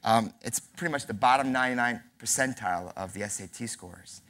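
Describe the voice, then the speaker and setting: A man's voice: mid-range voice, fairly quick, fairly bright tone. A man in his early forties, from New York, giving a humorous, self-deprecating keynote speech at a convention center. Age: early 40s. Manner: storytelling with acted dialogue. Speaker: keynote speaker.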